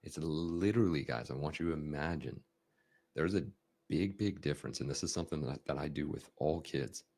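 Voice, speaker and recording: Super deep raspy guy on a podcast, gravelly, swings his tone around acting stuff out. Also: a little fast. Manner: animated, acts out emotions with big swings in tone. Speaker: podcast host. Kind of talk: conversational coaching talk.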